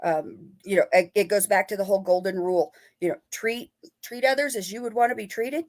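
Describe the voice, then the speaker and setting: A woman's voice: medium pitch, brisk. A woman paranormal investigator and author, a guest in a casual interview, talking animatedly and playfully acting out quoted lines.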